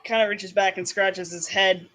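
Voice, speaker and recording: A man narrating a tabletop game as game master, unhurried with many fillers. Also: high voice, level tone, sharp tone, rough recording.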